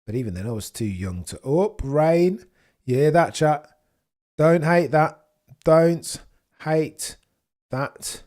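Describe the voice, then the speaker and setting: A man's voice: fairly high pitch, unhurried, a little mellow. A man in his thirties hosting a casual livestream, chatty and self-mocking, talking to his viewers with many restarts, sounding tired. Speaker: livestream host.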